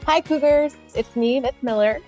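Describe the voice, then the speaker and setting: Woman, school staff, bubbly, slightly high, faint music. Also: normal speed. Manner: bubbly, excited. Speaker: work-study program staff member. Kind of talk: short podcast greeting.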